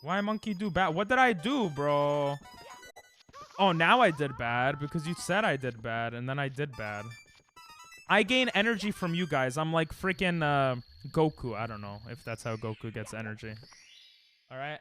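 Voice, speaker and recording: A man's voice: fairly high pitch, lively intonation, normal speed, sharp tone, soft background music. Sarcastic young male game streamer. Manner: sarcastic, crude joking banter with chat; frustrated outbursts at the game. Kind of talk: live game stream commentary.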